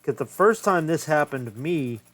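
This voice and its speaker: A man's voice: fairly high pitch, expressive, moderate pace, a bit bright, dry recording. A man casually talking through a hands-on repair of an old game cartridge, thinking aloud and swearing freely as he works. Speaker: retro game collector.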